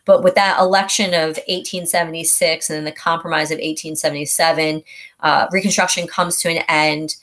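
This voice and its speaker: A woman with a deep, low speaking voice leads a casual review lesson. She explains things in a conversational way, like telling a story, and sometimes acts out short quotes along the way. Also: steady tone, a little fast, a bit bright. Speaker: history teacher.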